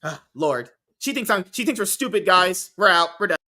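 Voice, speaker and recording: Animated, rambling male podcast host. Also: high-pitched, normal speed. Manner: rambling, swears a lot, frequent restarts. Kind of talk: casual podcast chat.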